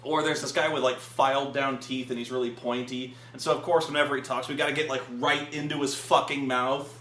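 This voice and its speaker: A man reviewing a film in casual chat at a friend's house, animated and profane, stammering through restarts. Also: medium pitch, fairly quick. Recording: echoey room with faint hum.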